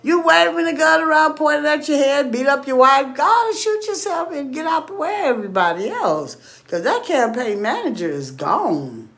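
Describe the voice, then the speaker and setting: A woman telling a long rambling story in casual chat, animated, often laughing and acting out quoted voices, blunt and profane. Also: high-pitched, normal speed, gravelly.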